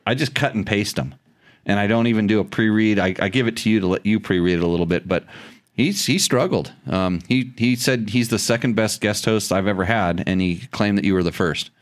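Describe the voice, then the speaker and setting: A man's voice: on the low side, fairly quick. A middle-aged man hosting a casual podcast, joking and teasing, often restarting his sentences. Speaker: podcast host. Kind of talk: casual chat.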